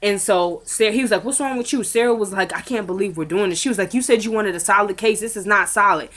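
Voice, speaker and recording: A woman's voice: mid-range voice, quick pace, a bit bright. A woman talks through a TV drama episode, retelling each scene by acting out the characters' lines. She keeps it casual and chatty, speaking right to her viewers. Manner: chatty, addresses viewers directly. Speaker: recap vlogger. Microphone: camera mic.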